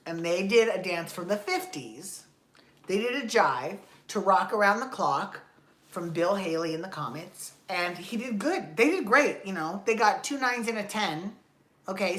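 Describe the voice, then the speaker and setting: A woman's voice: mid-range voice, a bit bright. Profane ranting woman in echoey room. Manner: exasperated, profane, rambling. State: dry throat, coughing. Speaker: podcast host. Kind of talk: casual recap rant.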